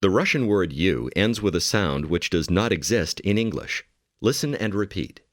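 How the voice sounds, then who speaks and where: Man, very low voice, lively intonation, calm scripted lesson narration. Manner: calm, measured instruction. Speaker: language course narrator. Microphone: studio mic.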